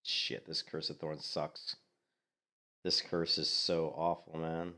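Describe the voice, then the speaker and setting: A man's voice: rumbling low, flat delivery, slow pace, sharp tone. A man giving casual commentary while playing a game, a bit congested and thinking aloud. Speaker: game streamer.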